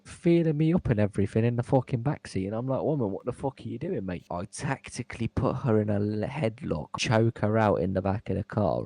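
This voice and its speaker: A man's voice: mid-range voice, mellow, no echo. A man telling a crude, swaggering tall tale and checking in with "yeah?" and "right?". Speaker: stranger on a video chat.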